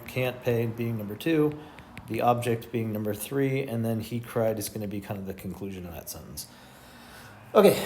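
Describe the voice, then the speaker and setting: An American man walks through English sentence-ordering exercises in an online lesson, explaining in an upbeat way and stopping now and then to correct himself. His voice sits at an ordinary middle pitch. The recording has a noticeably echoey room around it. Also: slight background noise. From United States. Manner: explanatory, lively, self-correcting. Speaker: English teacher.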